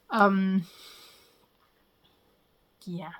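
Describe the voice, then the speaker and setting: A woman speaks casually to camera, giving her honest take on a book. Her voice sits at an ordinary middle pitch, and her speech is loose and chatty, full of ums and likes. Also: fairly even intonation, very slow, pauses often, fairly bright tone. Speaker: book reviewer. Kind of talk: casual spoken book review.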